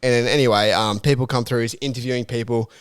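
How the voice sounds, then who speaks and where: A man's voice: medium pitch, steady tone, quick pace, smooth. Laid-back Australian guy telling a joke. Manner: laughs at his own jokes, loose storytelling. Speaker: podcast co-host. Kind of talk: casual chat, joke telling.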